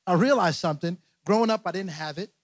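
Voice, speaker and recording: A man's voice: high voice, normal speed, dry recording. A young man preaching a casual, humorous sermon as pastor, joking, laughing at himself and repeating phrases. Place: church service in a large room. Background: loud guitar music.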